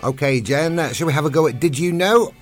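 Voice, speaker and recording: A man's voice: fairly high pitch, fairly quick, soft background music. Upbeat man hosting a charity bulletin. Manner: upbeat, promotional read. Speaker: podcast co-host. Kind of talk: scripted charity news bulletin.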